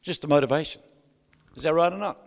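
A man preaching a sermon, loud and animated, who keeps asking the crowd for agreement and drops joking asides with laughs. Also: on the high side, fast, gravelly. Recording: long hall reverb.

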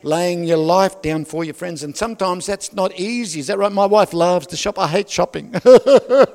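A man's voice: high voice, moderate pace, darkish tone, long reverb tail. An older man with an Australian accent, preaching a sermon full of personal stories, jokes and asides to the congregation. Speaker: pastor.

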